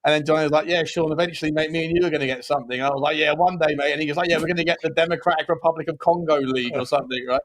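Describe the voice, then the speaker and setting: A man's voice: a little high, steady tone, very fast, few pauses, slight background noise. A young adult man, co-hosting a casual football chat in a jokey, banter-filled way. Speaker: co-host.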